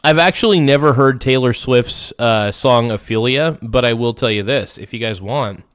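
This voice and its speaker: Male livestream host, mid pitch, casual and hyped, swears a lot, chats off the cuff. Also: normal speed, clear, resonant tone. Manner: excitable, swears often, reads out viewers' names to thank them.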